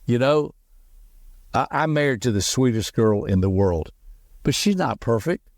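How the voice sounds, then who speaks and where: A middle-aged man gives a motivational podcast talk in a quick, folksy, emphatic way, telling stories from his own life. His voice sits at an ordinary pitch, and the recording is dry and close with no room sound. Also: animated, vocal fry, darkish tone, no room sound. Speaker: podcast host and personality teacher.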